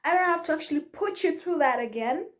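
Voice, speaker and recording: A woman's voice: high voice, lively intonation, brisk, voice pushed up. A woman voicing the universe as a grand cosmic teacher, announcing proudly. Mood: proclaiming.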